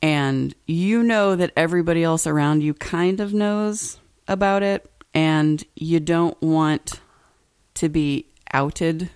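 A woman's voice: deep voice, slow, darkish tone, clean tone, no echo. A woman co-hosting a podcast in casual political chat, with dry, teasing asides.

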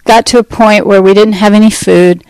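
Woman, middle-aged, personal testimony, earnest storytelling, halting restarts, dry sound. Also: medium pitch, steady tone, a little mellow, clear, resonant tone, dry recording, low-quality recording. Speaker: speaker giving a testimony.

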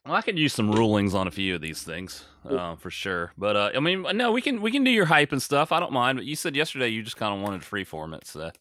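An American man co-hosts a podcast in a lowish voice that swings widely in pitch. He talks fast with few pauses and a slightly bright sound, rambling casually, mocking himself and using many fillers.

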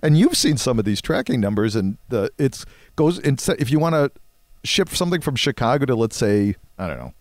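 A man's voice: medium pitch, sing-song, fairly quick, dry recording, studio quality. A man co-hosting a podcast, telling stories in a rambling, chuckling way. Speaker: podcast co-host, marketing professor. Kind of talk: casual chat.

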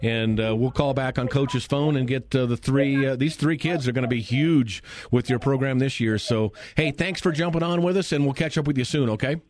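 A man's voice: mid-range voice, moderate pace, few pauses, darkish tone. A man hosting a live radio sports show from a studio, chatty and folksy with lots of fillers.

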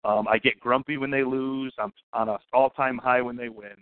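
A man's voice: medium pitch, steady tone, normal speed, no echo. An earnest man chatting about his team, laughing at himself and tripping over the first words of a thought. The sound is dry and narrow, like a phone call. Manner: earnest, self-deprecating, stammers at starts. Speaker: podcast co-host. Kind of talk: casual sports chat.

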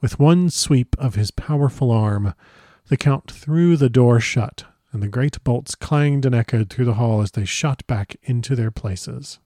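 A man reading a first-person diary aloud as a dramatic audiobook narrator, measured and grave. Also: medium pitch, dark tone, no room sound, studio quality.

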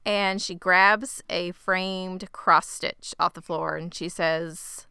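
A woman co-hosts a casual podcast and retells scenes with blunt, swearing asides. Her voice is very clear, crisp and bright. It sits somewhat low and sounds close to a dry mic. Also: steady tone, slow, few pauses, no echo. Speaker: podcast co-host. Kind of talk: casual recap chat.

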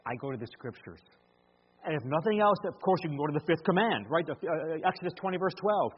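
A man's voice: on the high side, animated, brisk, a little hiss or hum. A man preaching a sermon to a congregation, acting out the voices of parents and children as he goes. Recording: muffled recording in a large reverberant hall.

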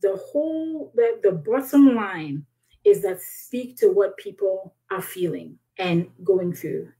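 A woman's voice: mid-range voice, lively intonation, slow pace, low-quality recording. Emotional woman guest, heartfelt and a little shaky, restarting her sentences. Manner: earnest, with frequent restarts and soft laughs. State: emotional, near tears. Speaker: guest, author and business owner. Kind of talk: emotional podcast conversation.

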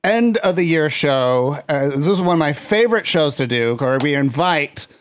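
A man hosting a casual comedy podcast, chatting with quick asides and laughter. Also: a little high, expressive, slight background noise. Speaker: podcast host. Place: small home podcast studio.

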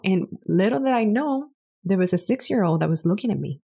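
A woman's voice: mid-range voice, expressive, fairly quick, gravelly, dark tone, slightly rough. A woman in her thirties, a mother co-hosting a faith and parenting chat, telling stories from home. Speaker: podcast co-host. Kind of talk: casual chat, storytelling.

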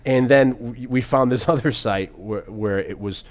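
A man's voice: mid-range voice, a little slow. A man casually talking about a film as podcast co-host, rambling with frequent laughs and swearing. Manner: rambling, profane, laughs often.

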